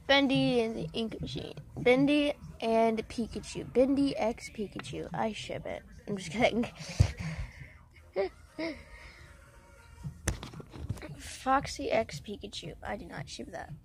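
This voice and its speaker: A woman's voice: fairly high pitch, slow pace, vocal fry, long pauses. A woman rambling and joking in a scattered, silly way while making a casual video. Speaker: video maker. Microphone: headphones on, yelling at times. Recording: noisy hiss behind voice.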